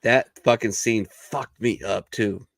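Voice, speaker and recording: A man with a fairly low voice talks in a loose, bar-style chat among veterans. He swears freely and tells stories bluntly, switching into the voices of the people he describes. His voice sounds close and dry, with no room echo. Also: fairly even intonation, slow, creaky. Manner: profane, blunt storyteller who acts out others' lines. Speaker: veteran podcast co-host.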